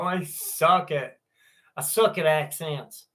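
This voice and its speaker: A man's voice: mid-range voice, expressive, a little slow, fairly bright tone. A man hosting a live stream, chatting loosely with viewers, swearing and laughing easily. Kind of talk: casual sign-off chat with viewers.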